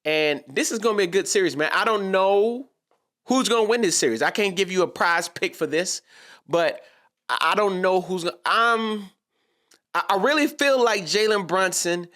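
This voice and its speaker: A man's voice: high-pitched, expressive, moderate pace, a bit bright. A man giving a casual, slangy sports reaction monologue, talking straight to his viewers.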